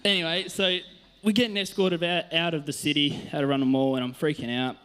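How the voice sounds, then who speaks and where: Australian man, youth worker, laid-back storytelling sermon, self-mocking, laughs a lot, light higher voice. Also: fairly even intonation, a little fast, a bit bright, smooth. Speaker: youth worker giving a church talk. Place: church stage.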